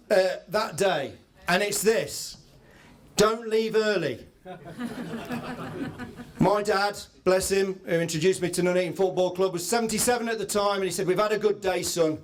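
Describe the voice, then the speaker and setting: A man's voice: sits high, a little slow. A man hosting a live event, telling comic stories to an audience and interviewing guests. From England. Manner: chatty, comic storyteller. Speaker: event host. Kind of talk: stage storytelling to an audience.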